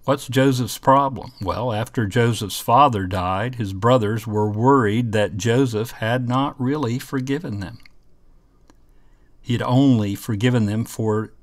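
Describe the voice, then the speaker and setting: A man's voice: medium pitch, unhurried, dry recording. A man teaching a Bible lesson, reading scripture passages aloud and explaining them in an earnest way.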